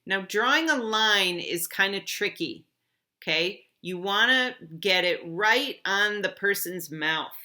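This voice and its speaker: Bright-voiced woman teaching an app. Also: mid-range voice, animated, slow pace. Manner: clear, step-by-step, encouraging. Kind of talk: app tutorial for students.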